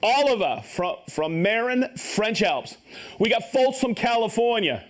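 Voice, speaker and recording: Hosting a live tool show stream, a man with a high voice and wide pitch swings speaks a little slowly. He's upbeat and joking as he reads viewers' names and hometowns, tripping over some of them.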